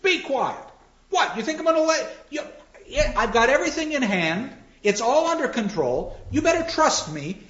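A man putting on a brusque high-pitched king of the gods. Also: sing-song, normal speed, fairly bright tone, exaggerated voice. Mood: impatient. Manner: brusque, dismissive. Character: commanding male king of the gods. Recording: dull roomy lecture recording.

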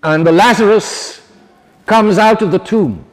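A male priest with a notably high voice delivers a sermon in an earnest, emphatic way. He stumbles and restarts phrases as he goes, and his words ring out with a long reverb, as in a large church. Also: a little slow. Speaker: priest preaching to seminarians.

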